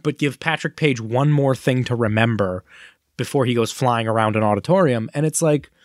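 Male podcast co-host, mid pitch, dry close mic, lively nerdy rambling. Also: no room sound. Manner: animated, nerdy explaining with quick asides. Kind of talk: casual chat.

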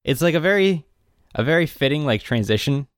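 Young male podcast co-host, animated recap, smooth clear tone, dry close sound. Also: fairly high pitch, a little fast, dry recording. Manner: animated retelling, quotes characters in raised voices. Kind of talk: casual chat.

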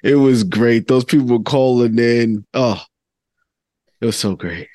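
A man's voice: mid-range voice, a little slow, mellow, no room sound, studio quality. A man co-hosting a casual sports podcast, chatty and laughing as he talks. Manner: chatty, laughs while talking. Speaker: podcast co-host.

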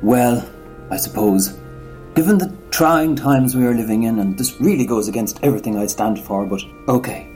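A man's voice: mid-range voice, normal speed, mellow, faint music behind, lightly acted. A man playing a genial older parish priest with a mild, wheedling manner. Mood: gently coaxing. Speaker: priest in a sketch.

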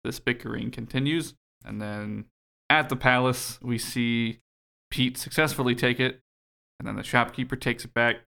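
A man's voice: mid-range voice, steady tone, normal speed, creaky, bright, forceful tone. A young man co-hosting a podcast, recapping a game in a dry, laid-back way with casual swearing. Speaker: podcast co-host.

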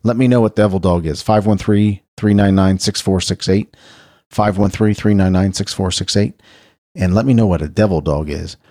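A man's voice: sits low, normal speed, dark tone, no room sound, studio quality. A middle-aged man hosting a radio show, chatting casually through a rundown of birthdays and history, rambling and correcting himself as he goes. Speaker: radio host.

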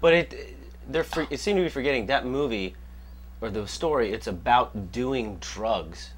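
A man's voice: medium pitch, expressive, normal speed. A man co-hosting a casual podcast, dropping wry, sarcastic remarks. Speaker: podcast co-host.

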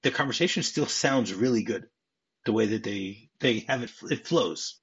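A man's voice: lowish voice, expressive, normal speed, slightly rough. A man from Michigan hosting a movie podcast, retelling scenes casually and reading script lines aloud. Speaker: podcast host. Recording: dull muffled audio.

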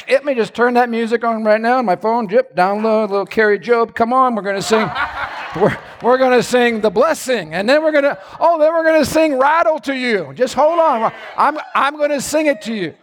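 A male pastor preaching a sermon, swinging between low, quiet asides and loud, shouted lines. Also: animated, fairly quick, in a large hall.

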